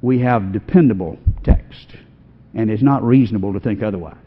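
A man giving a measured, explanatory lecture, played as a clip. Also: fairly low pitch, husky. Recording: tinny phone-like audio in a long-reverb hall.

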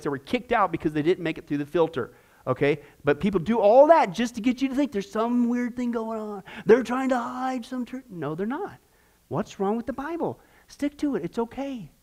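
High-voiced chatty male Bible teacher. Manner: chatty, corny asides, frequent rhetorical "okay?".

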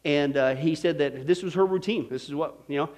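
Leading a Bible study before a live audience, a Kansas preacher with a strikingly high voice builds his sermon from folksy, homespun stories. He talks a little fast and with animation, laughs at his own anecdotes, and repeatedly checks in with "okay?" and "right?"

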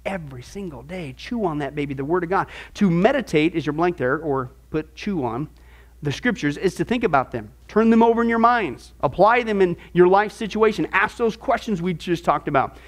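A man's voice: high-pitched, expressive, moderate pace. A man teaching a Bible discipleship class as pastor, firing off rhetorical questions with folksy asides.

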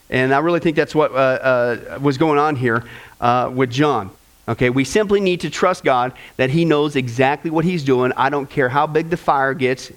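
A pastor whose voice is on the high side delivers a sermon of animated stories, taking on the voices of the people in them.

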